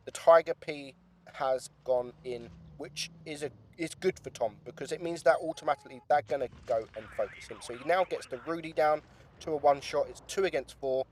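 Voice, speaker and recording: A man's voice: a little high, brisk. Chatty man commentating a game replay. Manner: chatty, lively play-by-play with casual swearing. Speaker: gaming YouTuber.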